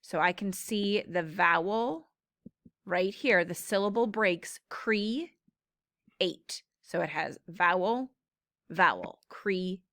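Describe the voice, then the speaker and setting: A woman's voice: lowish voice, a bit bright, no room sound, studio quality. A woman teacher patiently explaining syllable patterns in a classroom phonics lesson. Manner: slow, patient explaining with drawn-out words.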